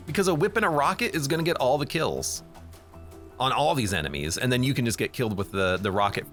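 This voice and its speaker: A man's voice: medium pitch, lively intonation, fast, fairly bright tone, faint music behind. A man streaming a strategy game, thinking aloud as he plans each move and often correcting himself. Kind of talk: live game commentary.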